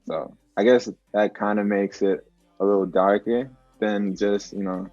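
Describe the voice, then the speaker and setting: A man's voice: on the low side, unhurried, no room sound, soft background music. A young man, a musician guest, talking reflectively in a casual interview over a video call, filler words throughout. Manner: relaxed, reflective, says "like" often. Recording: dull lo-fi call audio.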